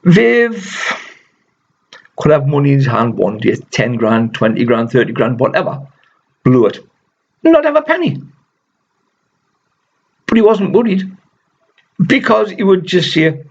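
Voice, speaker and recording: A chatty man with a gravelly, husky voice that rides fairly high and swings up and down a lot. He rambles along, dropping "you know" everywhere, and firmly sets rumours straight. The recording sounds dull and lo-fi. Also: sing-song, unhurried, long pauses. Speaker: video channel host. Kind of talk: casual spoken commentary.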